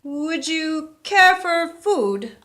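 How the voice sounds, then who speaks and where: A woman reading aloud and voicing a fearless man who speaks calmly and politely. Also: high-pitched, drawn-out words, a little hiss or hum, pitched above the performer's own voice, heavily acted. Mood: cheerful. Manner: calm, jaunty and polite. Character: fearless cheerful young man Esteban.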